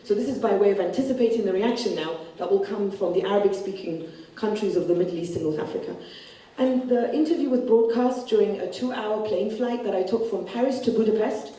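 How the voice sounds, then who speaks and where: Onstage in a large hall at a literature festival, a woman author speaks bluntly about her book, acting out the people she quotes. Her medium-pitched voice is warm and a little fast. Captured from far off, the sound echoes through the hall.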